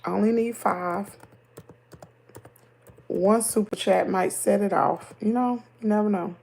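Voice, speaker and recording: A middle-aged woman with a Southern American accent hosts a livestream, chatting casually and reading viewer comments in a lively, talkative way. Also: medium pitch, measured pace, vocal fry, slight background noise. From Southern United States. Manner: chatty, animated, laughs easily. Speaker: livestream host.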